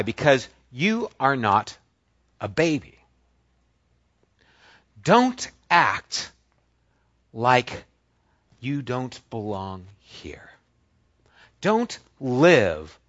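A man preaching a sermon, teaching through a passage and stressing key words with drawn-out pauses. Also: mid-range voice, sing-song, a bit bright, no room sound. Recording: dull lo-fi dry recording.

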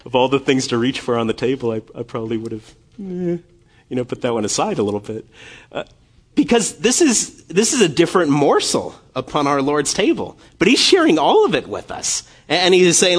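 A man delivers a sermon as a visiting preacher, his voice sitting somewhat high. He swings from quiet, close talk to fervent pleading. His words come in bursts, with repeats and fresh starts along the way. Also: sing-song, moderate pace. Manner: impassioned, building from quiet to fervent. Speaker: guest preacher.

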